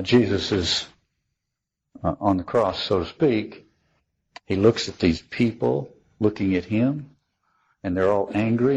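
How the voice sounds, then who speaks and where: A man's voice: on the low side, darkish tone, highs cut off, a little hiss or hum. A man giving a reflective spoken talk on theology, thoughtful and wry, often restarting his sentences. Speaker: speaker on theology.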